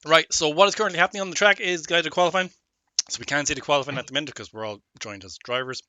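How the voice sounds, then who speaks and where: A man with a very bright, fairly high voice hosts a live sim racing broadcast from home. He keeps the banter jokey and upbeat. The sound is dry and close. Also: very fast, no echo. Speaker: race broadcast host. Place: home setup on a remote call.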